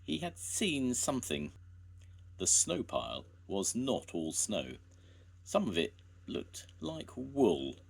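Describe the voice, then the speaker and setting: An older man, a grandfather, reading a children's story aloud in a slow, gentle way. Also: fairly low pitch, huge pitch swings, gravelly, a little hiss or hum.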